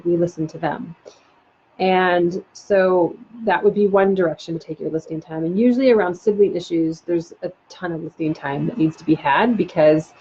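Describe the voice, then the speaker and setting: A woman parenting coach giving a live online talk, animated and chatty with many fillers. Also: on the low side, slightly rough. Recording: dull lo-fi sound.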